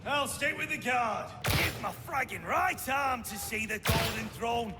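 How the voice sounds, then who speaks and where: An actor playing a gruff, scornful male soldier, barking his lines. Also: extremely high pitch, measured pace. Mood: scornful shouting. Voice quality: barking, contemptuous. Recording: game clip, roomy reverb, loud music.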